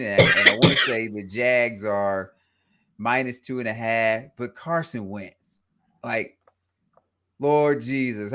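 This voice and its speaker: A man co-hosting a casual sports talk show, blunt and animated, swearing casually as he makes his picks. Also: mid-range voice. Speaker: co-host.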